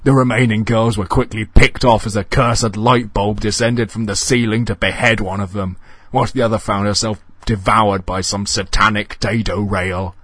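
A man reading a comic horror story aloud in a wry, deadpan way. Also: fairly low pitch, moderate pace, dry recording.

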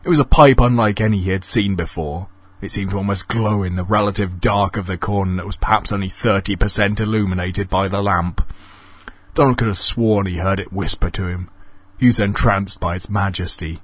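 Deadpan male storyteller, husky voice. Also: low voice, a little fast, no room sound. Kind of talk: comic ghost story narration.

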